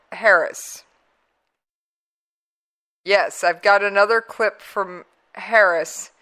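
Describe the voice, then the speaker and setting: A woman hosting a talk radio show, commenting on played clips in a conversational, emphatic way with drawn-out pauses for effect. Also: mid-range voice, a bit bright. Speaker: radio host.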